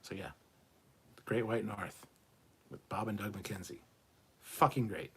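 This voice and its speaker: This is a man running a casual live stream. His voice sits a little low and has a husky edge. He reads viewer comments aloud and reacts to them in an offhand, foul-mouthed way. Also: little pitch movement, a little slow. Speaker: livestream host reading chat.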